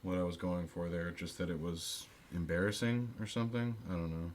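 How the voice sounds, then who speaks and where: A man's voice: deep voice, steady tone, fairly quick, a little hiss or hum. A man co-hosting a podcast, telling a story in a rambling, incredulous way, with profanity and many fillers and restarts. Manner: incredulous, laughing retelling. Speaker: podcast co-host. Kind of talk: casual storytelling chat.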